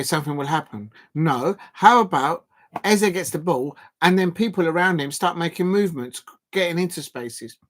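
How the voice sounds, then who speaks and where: A man hosting a live football watch-along, ranting in an animated, exasperated way and often restarting his sentences. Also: fairly high pitch. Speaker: football fan live-stream host. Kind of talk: casual watch-along commentary.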